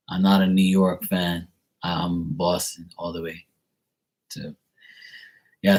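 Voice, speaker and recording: A Bermudian man talks casually to his viewers in a loose, wandering monologue. His voice sits on the low side and has a husky edge. He drifts from story to story, often slipping into the voices of people he quotes. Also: a little mellow. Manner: chatty, digressive, mimics other people's voices in quotes. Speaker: vlogger answering viewer questions.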